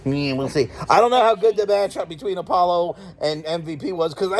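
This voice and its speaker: A man hosting a casual reaction chat, excitable and profane, often laughing and breaking into shouts. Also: sits high, a little fast, hardly any pauses. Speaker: host of a toy and wrestling channel.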